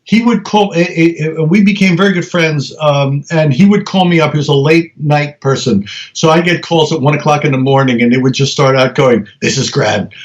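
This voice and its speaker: A middle-aged man, a researcher being interviewed, talking in a lively storytelling way with many restarts. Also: a little high, brisk, hardly any pauses. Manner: animated storyteller, many restarts, acts out quoted voices. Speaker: guest researcher. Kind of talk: conversational interview. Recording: slightly dull lo-fi audio.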